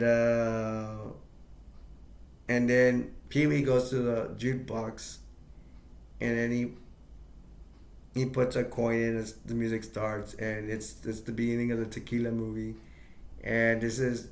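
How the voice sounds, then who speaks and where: A man casually retelling a film's plot as an amateur reviewer, rambling and halting, leaning on "like" and chuckling often. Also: mid-range voice, completely flat delivery, reverberant.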